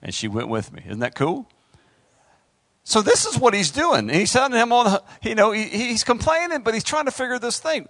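A middle-aged male pastor preaching a sermon, animated, acting out voices and talking straight to the congregation. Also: very high voice, brisk, no echo, studio quality.

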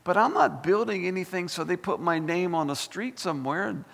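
A male pastor preaching with fire, his voice climbing and plunging all over the place. His tone has a gravelly edge, and it rings out with a long reverb from a church sanctuary. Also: sits high, brisk. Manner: fired-up, animated preaching with folksy asides and repetitions. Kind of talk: sermon.

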